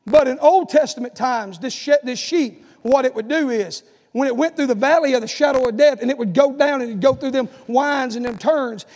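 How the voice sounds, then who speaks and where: A pastor preaching, his voice sitting very high for a man. He swells from quiet, slow phrases up to loud shouting. The sound rings with a long hall echo. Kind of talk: sermon.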